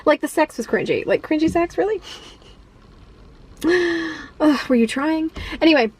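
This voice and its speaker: A woman's voice: high voice, sing-song, normal speed. A woman ranting casually about a film she hated, rambling through fillers and restarts, swearing freely and laughing often. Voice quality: profane, exasperated, laughs often. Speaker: movie reviewer. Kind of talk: casual ranting movie review.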